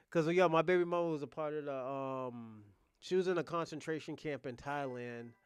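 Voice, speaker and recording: A man's voice: mid-range voice, clean tone, no room sound, studio quality. A man hosting a reaction video, talking in a blunt, heated casual rant full of swearing.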